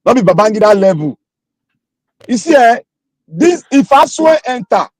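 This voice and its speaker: High-voiced Nigerian Pidgin-speaking man. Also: very animated, moderate pace, pauses often, a little mellow, no room sound, rough recording. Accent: Nigerian Pidgin English. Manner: argumentative, asks rhetorical questions. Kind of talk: heated political chat.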